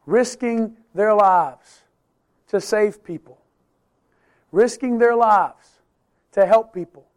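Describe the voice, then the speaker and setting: Middle-aged guy teaching sunday school, pretty high voice, earnest, leans hard on words and slows way down to make a point. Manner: emphatic and earnest, slowing down to stress key words. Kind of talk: Bible teaching to a class.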